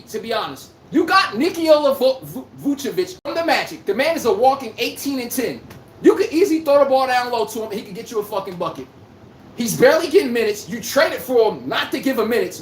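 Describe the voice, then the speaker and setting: A man hosting a sports podcast livestream, taunting rival fans in heated talk to his live chat and shouting some lines. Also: extremely high pitch, echoey room, a little hiss or hum, rough recording. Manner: brash trash-talking, taunting, shouts out lines.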